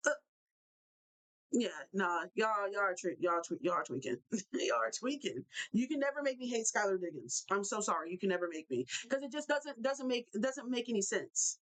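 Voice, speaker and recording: A young woman hosting a live basketball talk show, ranting in an animated way and repeating herself for emphasis. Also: high-pitched, low-quality recording. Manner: animated, repetitive, fired-up ranting. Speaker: show host.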